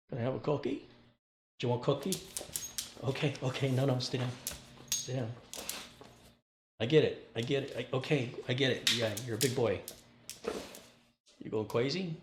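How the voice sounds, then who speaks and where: A man's voice: medium pitch, expressive, normal speed, pauses often, slight background noise. Casual man chatting in an echoey room. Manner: talks to his dog in a sing-song baby voice. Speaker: tech channel host. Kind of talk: casual vlog chat. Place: indoors at home. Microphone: studio microphone on a stand.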